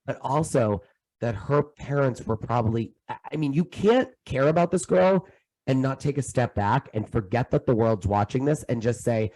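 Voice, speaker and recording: A man co-hosting a podcast, gossiping in emphatic, animated casual chat. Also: mid-range voice, moderate pace, poor audio. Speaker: podcast co-host.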